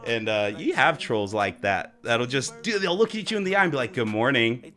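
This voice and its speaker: A man streaming and chatting casually, joking and swearing often, sometimes jumping into high mock voices. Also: big pitch swings, fairly quick, bright, forceful tone. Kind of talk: casual chat.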